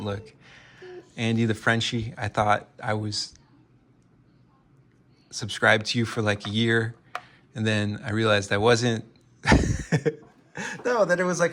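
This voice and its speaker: A man from the United States talks in a loose, rambling vlog, cutting himself off mid-thought and joking. His voice sits a little low with a gravelly rasp. A faint hiss of noise runs under the recording. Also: a bit bright. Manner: rambling, self-interrupting, jokey. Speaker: vlogger.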